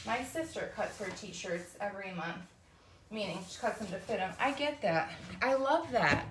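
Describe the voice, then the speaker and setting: A woman's voice: medium pitch, lively intonation, normal speed, noisy background. Earnest woman in her forties, heartfelt. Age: 40s. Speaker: host. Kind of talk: casual faith talk.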